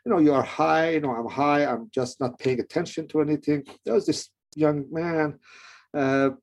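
A middle-aged man with a non-native English accent, telling his own story in a rambling, halting way with many restarts. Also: a little high, fairly even intonation. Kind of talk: personal testimony.

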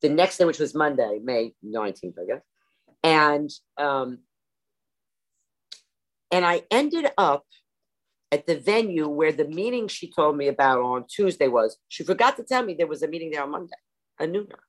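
A woman's voice: low voice, lively intonation, normal speed, long pauses. A woman telling her recovery story at a meeting over a video call, theatrical and self-mocking. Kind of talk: personal storytelling talk.

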